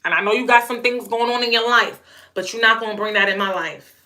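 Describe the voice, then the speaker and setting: A woman's voice: on the high side, fairly even intonation, fast talker, bright, forceful tone. A young adult woman vlogger telling a personal story to camera in a blunt, emphatic way, often stuttering through repeated words.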